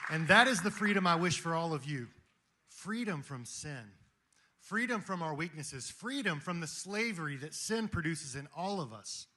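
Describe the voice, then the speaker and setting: A man's voice: fairly high pitch, animated, moderate pace, sharp tone, slight background noise. A man giving an impassioned, preaching speech to a live audience at a Christian gathering. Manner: preaching, rhetorical, emphatic.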